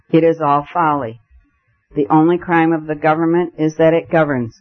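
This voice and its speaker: Man doing a raging male anarchist, accusing, fairly high voice, muffled recording. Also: lightly acted. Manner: fierce accusing declamation.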